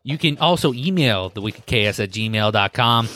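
A man's voice: medium pitch, lively intonation, moderate pace, bright, forceful tone, no room sound, studio quality. A man co-hosting a podcast, joking, swearing and laughing often in casual banter. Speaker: podcast co-host.

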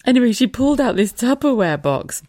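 A woman hosting a podcast, telling an anecdote in a chatty, animated way, laughing often and swearing freely. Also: on the high side, brisk, dry recording, studio quality. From United Kingdom. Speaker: podcast host. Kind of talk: casual anecdotal storytelling.

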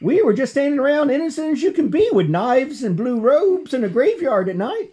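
A man voicing lying, whiny cult thugs in a put-on drawl, high and indignant. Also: big pitch swings, fairly quick, dark tone. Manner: whining, indignant, high-pitched.

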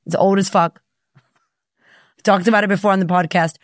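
A woman's voice: medium pitch, normal speed, no echo, clean studio sound. Profane upbeat woman confidence coach. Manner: energetic, profane, direct. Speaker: podcast host and confidence coach. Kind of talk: casual motivational podcast talk.

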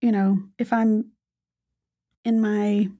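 A woman's voice: mid-range voice, flat delivery, slow pace, dark tone, dry recording, studio quality. A woman co-hosting an educational podcast, talking in a thoughtful, rambling way with many fillers. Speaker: podcast co-host. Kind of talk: casual educational podcast chat.

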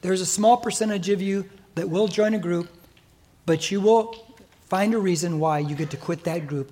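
An older American man preaches a sermon as pastor in a church, emphatic and exhorting, even mimicking his listeners' excuses. His voice sits high and has a warm tone, at a normal speed.

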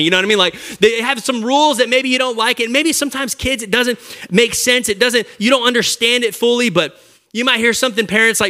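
Bright-voiced, energetic male preacher. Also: very high voice, quick pace. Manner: energetic, joking, addresses the audience directly. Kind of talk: lively conversational sermon. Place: church service before a live audience.

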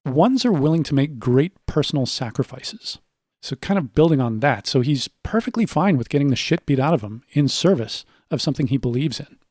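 A man's voice: medium pitch, lively intonation, fairly quick, darkish tone. A man with a mid-range voice joins a podcast conversation as a guest. He works through his notes methodically, laying out one example after another, and the recording sounds close and dry with no room echo.

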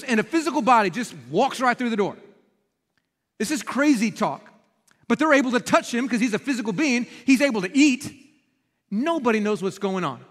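A male pastor preaching a sermon, telling the story in an animated, emphatic way in a church sanctuary. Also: high voice, in a large hall.

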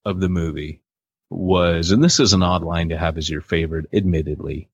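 A man co-hosting a casual podcast, talking in a low, husky voice. He rambles, trips over his own sentences and keeps laughing. The sound is dull and lo-fi, dry with no room. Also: a little fast, dry recording. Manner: rambling, self-interrupting, laughs often. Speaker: podcast co-host. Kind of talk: casual chat.

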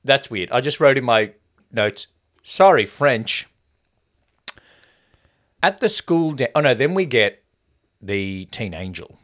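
A man's voice: mid-range voice, sing-song, normal speed, fairly bright tone. Chatty man picking apart a film. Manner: mimics lines with exaggerated emphasis. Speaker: podcast co-host. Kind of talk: casual movie review chat.

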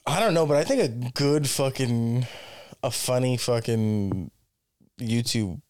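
A man's voice: medium pitch, expressive, measured pace, darkish tone, smooth, no room sound, clean studio sound. Laughing, swearing man telling stories. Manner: laughing storyteller, swears a lot. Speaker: podcast co-host. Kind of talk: casual chat, storytelling.

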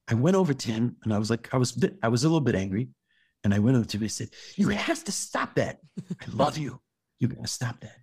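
A rabbi talking through parenting advice in a casual podcast chat, halting and restarting his words often. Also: medium pitch, darkish tone, husky, no room sound.

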